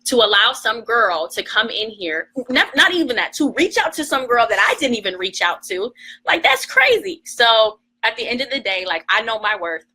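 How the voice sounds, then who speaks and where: A woman's voice: on the high side, lively intonation, normal speed, few pauses, pushed and bright, poor audio. A woman co-host ranting emotionally on a phone livestream, heated, emphatic and defiant. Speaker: morning show co-host.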